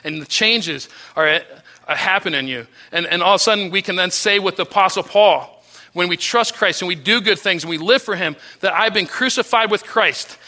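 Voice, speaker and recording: A man preaching a sermon as pastor, earnest, with frequent restarts, his voice dropping low and soft on key phrases. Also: moderate pace.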